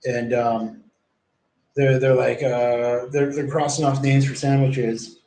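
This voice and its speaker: A man's voice: mid-range voice, level tone, slow, warm tone. A man in his forties telling a long, rambling story on a livestream, swearing often and acting out what others said. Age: 40s. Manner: profane, rambling, acts out others' lines in quotes. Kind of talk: rambling first-person storytelling. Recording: echoey room with faint background noise.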